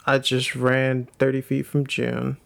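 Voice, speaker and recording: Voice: mid-range voice, monotone, measured pace, gravelly, a bit bright. A player in a tabletop game, joking and laughing often. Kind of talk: casual tabletop play.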